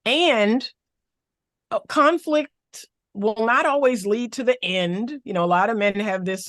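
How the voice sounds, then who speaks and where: A woman therapist and relationship coach, speaking as a podcast guest in an animated, emphatic way, often repeating phrases for effect. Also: fairly high pitch, a little slow, no echo, clean studio sound.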